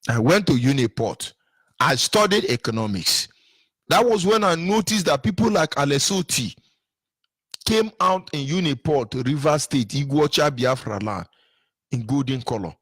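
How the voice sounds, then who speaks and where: A man's voice: mid-range voice, expressive, measured pace, pauses often, fairly bright tone, husky, no echo. An older man with a Nigerian accent, delivering an impassioned political monologue with emphatic repetition and sing-song rises. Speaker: political commentator.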